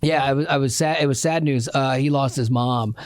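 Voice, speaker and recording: A man's voice: medium pitch, a little fast, no room sound. Middle-aged male radio host, casual and jokey, dry close mic. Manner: jokey, playful, chatty. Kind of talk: casual chat.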